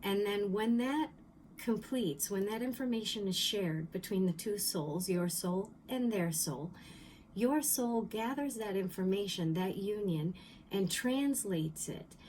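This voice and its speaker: A middle-aged woman giving a calm spiritual teaching talk, explaining slowly with repeats and the odd um. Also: mid-range voice, a little hiss or hum, low-quality recording. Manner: calm, repetitive explaining with ums.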